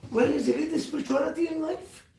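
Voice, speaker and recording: High-voiced man preaching animatedly. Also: quick pace, vocal fry. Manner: animated, preachy, repetitive, calls out to listeners. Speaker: religious speaker. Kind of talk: livestreamed sermon. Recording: echoey room, mic at a distance.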